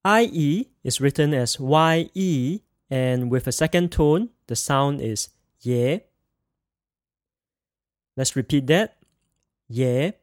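A man teaching a pronunciation lesson, spelling sounds out and having the listener repeat each word after him with slow, careful enunciation. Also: on the high side, lively intonation, no room sound, studio quality. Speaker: language teacher.

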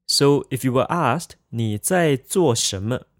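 A man leads a scripted language lesson at an unhurried, deliberate pace. He says each practice phrase twice, clearly and patiently. His voice sits in an ordinary middle register and is recorded dry and close, with no room sound. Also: mid-range voice, lively intonation, no echo. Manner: slow, careful, repeats each example phrase twice. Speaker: language teacher.

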